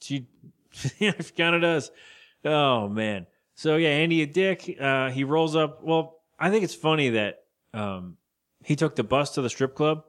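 A man's voice: fairly high pitch, animated, a bit bright. Rambling man recapping a cartoon episode. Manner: rambling, acts out characters' lines in quick voices. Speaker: podcast co-host. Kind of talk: casual recap chat.

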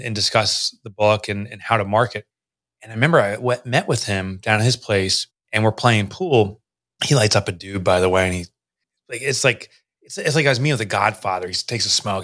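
Middle-aged american guy on a podcast telling his story, animated, does voices when he quotes people. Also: lowish voice. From United States. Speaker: guest, business author. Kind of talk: conversational storytelling.

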